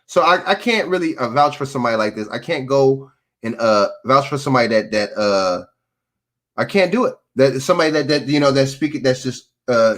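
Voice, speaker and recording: A man streaming reacts to clips with blunt, profane opinions, repeating himself as he answers chat. His voice is medium-pitched and a bit bright, with lively intonation and a brisk pace.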